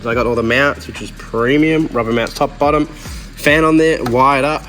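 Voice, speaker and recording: A man hosts a casual car vlog from his home garage workshop. He sounds keen and jokey, firing off part names in quick bursts at an ordinary pitch. Music plays under him. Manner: excited, joking, rattles off parts in quick bursts. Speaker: car builder and channel host.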